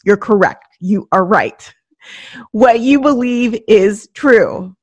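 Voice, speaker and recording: A middle-aged woman talking as a podcast host and coach, giving a lively motivational monologue and acting out the voices she quotes. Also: medium pitch, slow, no room sound. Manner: animated, acts out inner voices and quotes.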